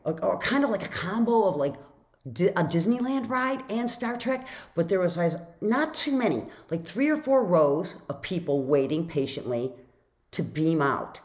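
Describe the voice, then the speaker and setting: A woman author telling a personal story in a casual vlog, chatty and animated, full of "like" fillers and acting out her own reactions. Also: lowish voice, moderate pace.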